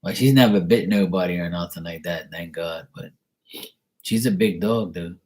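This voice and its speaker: A man's voice: sits low, normal speed, darkish tone. A man, a tarot reader, chatting casually and candidly with his live-stream viewers in a rambling, laid-back way.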